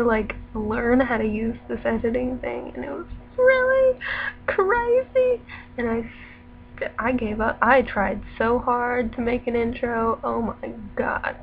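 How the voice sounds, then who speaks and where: A woman's voice: fairly high pitch, gravelly. Teen girl, casual vlog, rambling filler-heavy talk, dull lo-fi webcam audio, background hiss. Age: late teens. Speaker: vlogger. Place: at home indoors.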